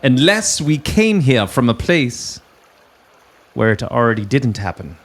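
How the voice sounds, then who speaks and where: A man's voice: mid-range voice, sing-song, a little slow, faint music behind. A man playing a tabletop game, answering in character with rambling, musing talk. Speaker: player.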